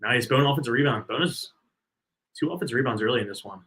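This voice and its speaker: A man co-hosting a fan watch-party stream, giving excitable, chatty play-by-play of a live game. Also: mid-range voice, fast talker. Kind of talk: casual live game commentary.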